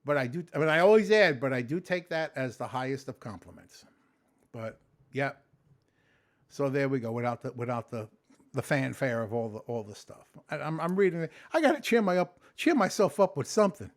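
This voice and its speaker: A man talking casually in a late-night vlog, exhausted and sleepy, animated and rambling with plenty of swearing. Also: medium pitch, a little fast. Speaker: vlogger, customer service phone agent.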